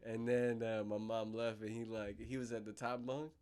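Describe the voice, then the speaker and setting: A young man with a fairly low voice hosts a casual podcast chat. He tells childhood stories in a laid-back, slangy drawl. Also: little pitch movement, moderate pace, darkish tone, smooth. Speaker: podcast host.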